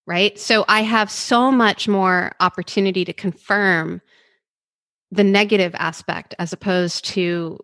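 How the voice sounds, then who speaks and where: A woman's voice: mid-range voice, fairly even intonation, a little slow, a bit bright. A woman co-hosting a conversational talk, thoughtfully adding her own points.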